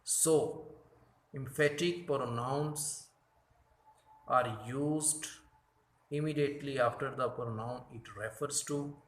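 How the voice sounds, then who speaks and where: A man teaching a grammar lesson from slides, speaking deliberately and correcting his own slips. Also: mid-range voice, steady tone, echoey room. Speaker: English teacher.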